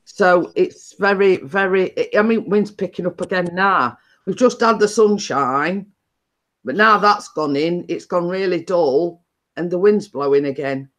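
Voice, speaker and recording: A woman's voice: fairly low pitch, measured pace. A woman hosting a chatty live stream, telling stories in a rambling way with many restarts.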